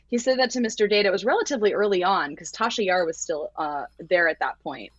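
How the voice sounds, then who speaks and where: A woman's voice: on the low side, fast talker, hardly any pauses, no room sound. A woman guest on a podcast, talking earnestly and rambling a little, with lots of fillers as she gathers her thoughts. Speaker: podcast guest, voting-rights activist. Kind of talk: casual podcast chat. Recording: dull lo-fi dry sound.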